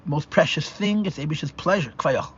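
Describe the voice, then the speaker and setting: A man teaching a live Torah class as a rabbi has a voice on the high side, animated and at a moderate pace, with slight background noise. Explanatory and thinking aloud, he restarts often and mixes Hebrew and Yiddish words into his step-by-step teaching, captured in a dull lo-fi recording.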